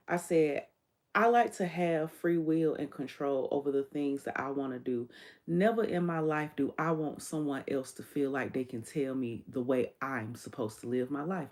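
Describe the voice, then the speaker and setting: Her voice low and a little mellow, the woman running this livestream talks with blunt emphasis in a candid, profane monologue. She often recounts the words she told others.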